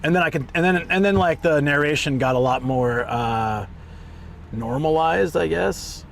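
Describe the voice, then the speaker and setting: A man chatting on a live stream, excitable and rambling, who swings between a higher hyped voice and a deeper relaxed one, his voice strained from hours of talk. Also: normal speed, creaky, slight background noise. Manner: rambling and excitable, trailing off and restarting. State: voice strained from talking a lot. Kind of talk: casual live stream chat.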